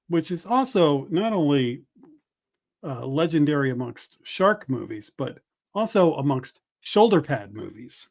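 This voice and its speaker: A man's voice: a little high, big pitch swings, a little slow, gravelly, a little mellow. A man hosting a horror movie podcast, talking in casual, jokey banter with his co-hosts. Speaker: podcast host. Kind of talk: casual comedy podcast chat.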